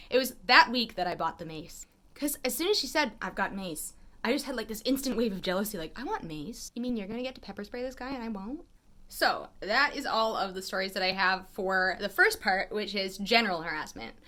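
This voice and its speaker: A woman speaking straight to camera in a casual storytelling vlog, her voice bright and clear at a middle pitch. She is animated and wry, with a chatty flow full of "like" fillers. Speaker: photographer and vlogger.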